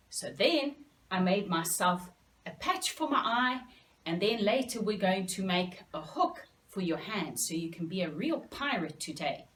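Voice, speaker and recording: Slow sing-song teacher woman. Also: lowish voice, fairly bright tone. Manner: slow, sing-song, speaks directly to kids. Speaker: children's teacher. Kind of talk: lesson for young children.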